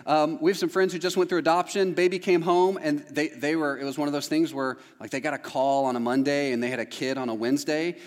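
A man's voice: on the high side, steady tone, fast, hardly any pauses. Conversational male pastor in a reverberant hall. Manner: conversational, addresses the audience directly. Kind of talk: sermon.

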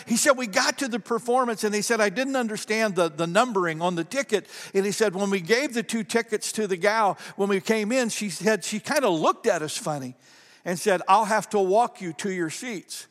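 A middle-aged man preaching a sermon, telling a story with animated swells and hushed drops. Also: high voice, moderate pace. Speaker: pastor. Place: church sanctuary. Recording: long hall reverb.

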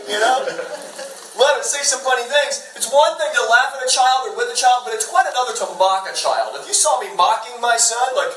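A man in his thirties delivers a sermon in a loose, conversational way, slipping in jokes and side stories. His voice sits high and sounds forceful and bright. The mic is some distance away in an echoey room with faint ambience behind. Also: a little fast, slight background noise. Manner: conversational and joking, with lots of asides. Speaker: pastor. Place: church sanctuary.

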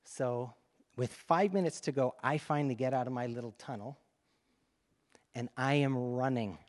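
Animated male pastor in a reverberant church. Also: medium pitch, normal speed. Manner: animated, conversational storytelling to a congregation. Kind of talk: sermon storytelling. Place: church sanctuary.

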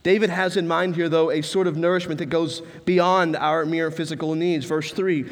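A man's voice: fairly high pitch, little pitch movement, normal speed, few pauses, big-room sound. A man preaching a sermon as pastor, earnest and building emphatic lists with rising stress.

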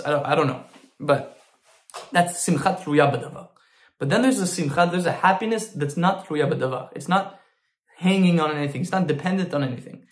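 A man's voice: on the high side, moderate pace, roomy sound. A man teaching a Torah lesson through an informal story, with frequent restarts and Hebrew terms.

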